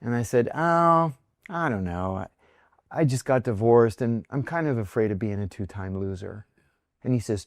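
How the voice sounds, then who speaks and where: In a podcast interview, a middle-aged former intelligence officer tells a personal story, acting out the voices of the people involved. His medium-pitched voice has lively intonation and normal speed, captured in a dry, clean studio recording.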